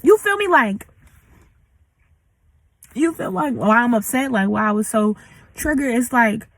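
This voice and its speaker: A woman's voice: a little high, animated, a little slow, long pauses, dry recording, poor audio. Slangy young woman venting. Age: young adult. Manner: venting, slangy, many likes. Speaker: vlogger. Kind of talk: casual storytime rant.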